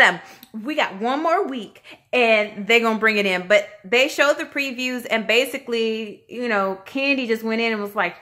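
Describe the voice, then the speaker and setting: A woman vlogger giving a casual, chatty review, animated and slangy, acting out quotes in shifting voices. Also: a little high. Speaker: vlogger reviewing a reality show.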